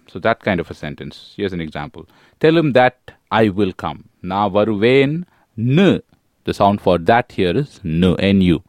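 A man teaching a language lesson, speaking slowly and deliberately and repeating each example phrase. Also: low voice, dry recording, studio quality.

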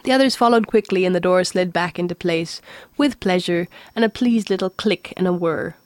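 A woman reads a story aloud in a steady, even manner. Her voice sits a little low, recorded close and dry with no room sound. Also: normal speed, no room sound. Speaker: narrator. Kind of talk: audiobook reading.

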